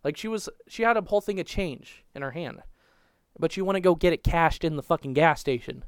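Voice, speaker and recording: A man's voice: on the high side, expressive, a little fast, clean tone, dry recording. A young man telling a crude, rambling story on a casual podcast, swearing constantly and restarting his sentences. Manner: profane, rambling, restarts a lot.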